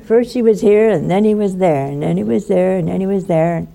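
A woman delivers a spoken sermon in a mellow, gravelly voice. She tells her story vividly and acts out the voices of the people she quotes. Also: medium pitch, a little fast.

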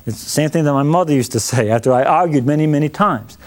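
A man's voice: a little high, quick pace. A man teaching an informal Bible lesson with folksy, jokey asides.

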